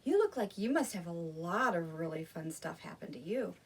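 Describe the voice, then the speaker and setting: A woman's voice: lowish voice, moderate pace, slightly rough, distant mic, voice pushed down. A woman voicing a curious, eager little male pig in a read-aloud storybook. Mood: excited. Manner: excited, wide-eyed questions.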